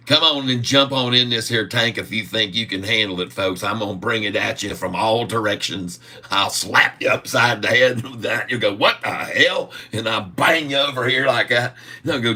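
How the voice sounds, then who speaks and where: A man's voice: fairly low pitch, pushed and bright. A man putting on a rowdy, folksy redneck character with a Southern accent, laughing between lines. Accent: American Southern, put on.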